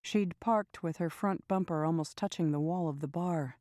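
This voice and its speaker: Woman audiobook narrator, low mellow voice, steady measured delivery. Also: no room sound, studio quality.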